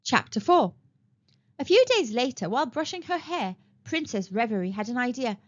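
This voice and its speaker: A woman's voice: a little high, sing-song, normal speed. Woman narrating a kids' story with lots of expression, dull lo-fi recording. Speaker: storytime reader. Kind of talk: children's read-aloud narration.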